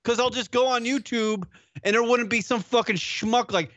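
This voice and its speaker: Here the co-host of a call-in internet radio show speaks at a moderate pace in a very high-pitched voice, and the recording is muffled with no room sound. He's animated, ranting and swearing often through the casual banter.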